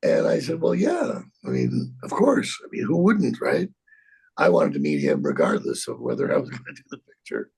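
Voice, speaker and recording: An actor in his sixties telling a rambling, profane story in an interview, halting and repeating himself. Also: medium pitch, huge pitch swings, a little mellow. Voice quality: gravelly, husky.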